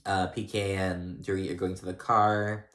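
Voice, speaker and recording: A man's voice: low-pitched, level tone, moderate pace, a bit bright, roomy sound. A man casually recapping a reality TV episode, rambling with lots of fillers and restarts. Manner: rambling, filler-heavy storytelling.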